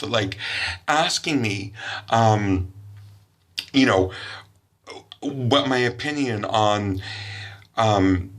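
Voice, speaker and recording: Brief: male vlogger, swearing, sarcastic storytelling, bright, edgy tone. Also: lowish voice, very slow, long pauses. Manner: exasperated, sarcastic, swears freely. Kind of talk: profane storytelling rant.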